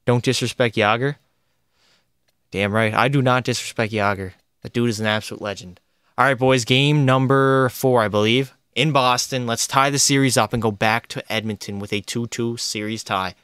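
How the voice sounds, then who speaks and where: A young man streaming a hockey video game, talking to his chat and his in-game teammates in an excitable, chatty way. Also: mid-range voice, moderate pace, clean tone, dry recording, clean studio sound. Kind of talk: live gameplay commentary.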